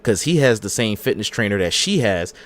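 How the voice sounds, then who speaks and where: A man's voice: fairly low pitch, sing-song, brisk. A man co-hosting a casual podcast, telling a long rambling story and acting out the quotes. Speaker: podcast co-host. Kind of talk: casual chat.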